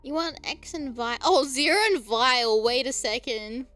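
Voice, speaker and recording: A woman's voice: high voice, moderate pace, fairly bright tone, faint music behind. A young Australian woman streamer chatting casually, giggling often and breaking into squealing laughter. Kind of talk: casual live-stream chat.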